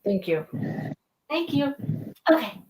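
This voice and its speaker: Woman, crochet-along host, casual live chat, high voice, faint background hiss. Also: takes it slowly, low-quality recording. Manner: chatty, animated, talks to her dog.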